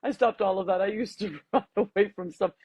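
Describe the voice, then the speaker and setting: A woman with a slight accent talks as a podcast guest, upbeat and animated. Her voice is soft and breathy, mid-pitched. The sound is dry and close. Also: fairly quick, dry recording. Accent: foreign accent. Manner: bubbly, laughs often, animated. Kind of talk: casual interview chat.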